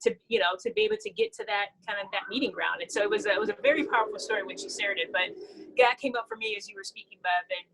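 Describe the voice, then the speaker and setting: A woman's voice: medium pitch, rapid-fire, background noise. A woman hosting a conversation on a video call, affirming the guest and then telling an anecdote. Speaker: host. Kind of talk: conversational discussion.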